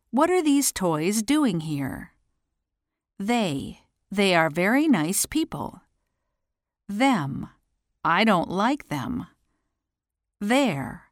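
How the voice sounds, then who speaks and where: Lady reading out pronunciation practice, super slow and careful, lots of ups and downs in her voice. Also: mid-range voice, no room sound, clean studio sound. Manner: careful, deliberate enunciation. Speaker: pronunciation teacher. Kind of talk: slow pronunciation drill, word then sentence.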